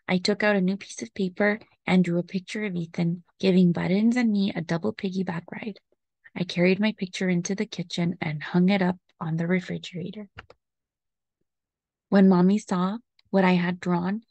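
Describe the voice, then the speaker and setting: Gentle, expressive woman reading a children's storybook aloud; slight vocal fry, dry close recording. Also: mid-range voice, no room sound. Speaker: storybook reader.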